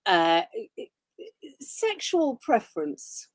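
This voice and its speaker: A woman's voice: fairly high pitch, wildly swooping pitch, very slow, dry recording. A woman from England with an English accent, a guest on a talk show, chatty and wry. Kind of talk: casual chat.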